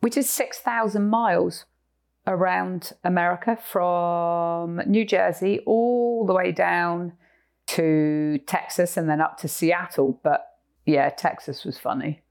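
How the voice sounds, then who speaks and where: English woman, lowish voice, podcast co-host, animated storyteller. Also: takes it slowly, vocal fry. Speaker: podcast co-host, horse trainer.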